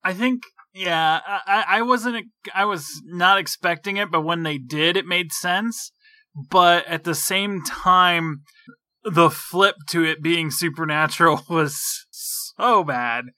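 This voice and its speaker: A man with a very bright, sharp voice in a dry, close recording. He reacts to a film with laughing disbelief and swears for emphasis. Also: high voice, slow pace, dry recording. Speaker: podcast guest. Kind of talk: casual movie review chat.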